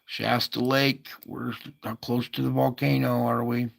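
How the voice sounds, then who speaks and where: A man's voice: medium pitch, little pitch movement, a little slow, vocal fry. A man hosting a casual earthquake update, thinking aloud over maps with many fillers and asides. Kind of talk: casual screen-share commentary.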